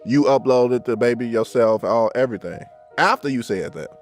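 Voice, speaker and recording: A man's voice: medium pitch, normal speed, faint music behind. A man hosting a casual interview, teasing and pressing his guest with questions. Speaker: podcast host.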